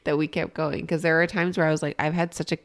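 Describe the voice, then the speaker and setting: A woman with a low, gravelly voice co-hosts a chatty podcast. She teases and laughs her way through the talk, loose and unscripted. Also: fast. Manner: laughing, teasing, animated. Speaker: podcast co-host. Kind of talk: casual chat.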